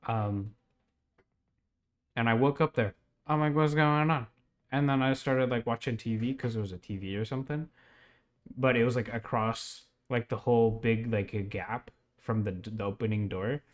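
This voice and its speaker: A man's voice: mid-range voice, steady tone, moderate pace. A young man casually retelling a strange dream, rambling with lots of fillers and laughs. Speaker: podcast host.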